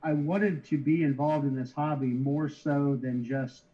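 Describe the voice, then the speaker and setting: Warm in tone and a little high, with fairly even intonation, this middle-aged card shipper recounts his story as an interview guest. He's relaxed and chuckles easily, but stops and restarts a lot. The audio is slightly dull lo-fi.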